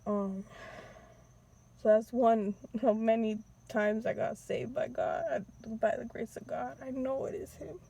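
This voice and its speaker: A young woman casually telling a personal story with slang, sometimes re-enacting pleas in a high, teary voice. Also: flat delivery, unhurried, gravelly, warm tone, breathy edge, muffled recording.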